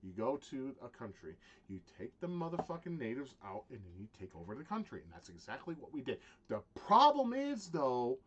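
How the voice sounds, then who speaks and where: Guy ranting on his vlog, swears a ton, goes from mumbly to yelling, keeps restarting, mid-pitch. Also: very animated, highs cut off, slight background noise. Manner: profane, swings from low muttering to loud shouting; halting, with many restarts. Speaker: vlogger. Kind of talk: ranting monologue.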